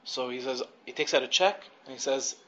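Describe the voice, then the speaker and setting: A man tells a story to a class in a room with a live audience. He talks conversationally, restarts his sentences and leans on fillers, and his voice sits at an ordinary middle pitch. The recording is dull and lo-fi, with faint noise behind him. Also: a little fast, fairly bright tone. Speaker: teacher speaking to a class of girls. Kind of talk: storytelling lecture.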